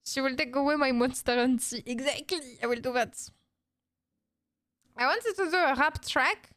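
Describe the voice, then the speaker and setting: A woman's voice: sits high, moderate pace, fairly bright tone, dry recording, clean studio sound. A woman from France with a French accent, chatting casually on a live Q&A stream, reading chat and laughing often. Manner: reads chat aloud, laughs often, playful teasing. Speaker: vtuber streamer.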